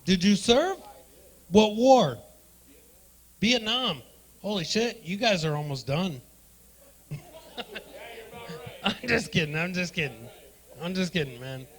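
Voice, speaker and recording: A brash male stand-up comic riffing crudely with the crowd from a club stage. His voice sits a touch higher than most men's, and he swings between loud punchlines and muttered asides. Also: animated, slow, long pauses, husky, rough recording. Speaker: stand-up comedian and emcee. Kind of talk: stand-up comedy with crowd work.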